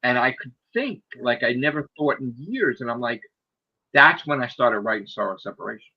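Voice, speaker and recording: A man telling a story in casual chat, swearing a lot and acting out the people in it, sometimes shouting. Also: mid-range voice, normal speed, breathy edge, highs cut off. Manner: animated, profane, acts out quoted people in raised shouting voices.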